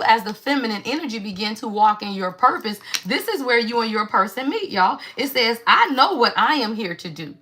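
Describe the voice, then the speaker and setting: Woman doing a chatty tarot reading, bright voice, lots of back-and-forth questions. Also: a little high. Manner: chatty, repeats "y'all" constantly; animated call-and-response questions. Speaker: spiritual tarot reader. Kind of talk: casual tarot reading livestream.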